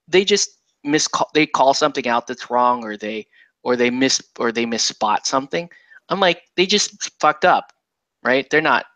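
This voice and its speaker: Bright, lively man in casual chat. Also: medium pitch, dry recording. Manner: easygoing, laughs often, many fillers.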